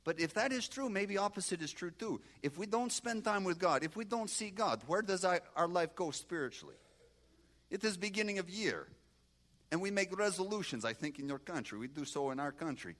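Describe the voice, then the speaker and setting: A man in his sixties from Moldova with a Moldovan accent and broken English, giving an animated testimony sermon and talking back to his audience. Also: sits high, brisk. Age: 60s. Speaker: guest preacher.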